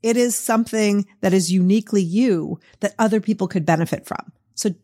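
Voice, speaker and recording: A woman's voice: mid-range voice, fairly quick, warm tone. A middle-aged woman with a Boston accent hosts a podcast conversation. She talks in a chatty, encouraging way, with a voice in the middle of the usual range for a woman, and laughs easily. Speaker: podcast host. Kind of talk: casual interview chat.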